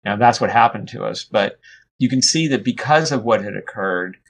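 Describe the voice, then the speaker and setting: A man as an interview guest, telling a story in a relaxed, rambling way with frequent restarts and fillers. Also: on the low side, moderate pace, vocal fry, a little hiss or hum. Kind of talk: conversational storytelling.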